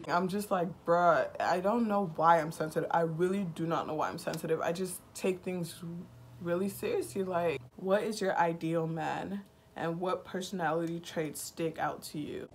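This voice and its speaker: A woman in her twenties from Nigeria chats through a get-to-know-me vlog. She speaks slowly in a flat, monotone way, her humor dry and sarcastic. Her voice sits a little low, with a faint hiss of background noise. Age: 20s. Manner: slow-talking. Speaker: vlogger.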